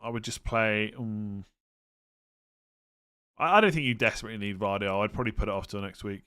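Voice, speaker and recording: A man with a fairly low, smooth voice hosts a live stream, casually answering viewers' fantasy football questions. Relaxed throughout, he thinks aloud, leans on fillers, and is quick to give his verdict.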